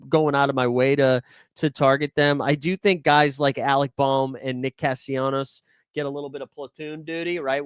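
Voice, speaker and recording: A man's voice: on the high side, fairly bright tone, clear, resonant tone, dry recording, studio quality. A young man hosting a live fantasy sports stream, talking casually and jokily with lots of filler words. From New England.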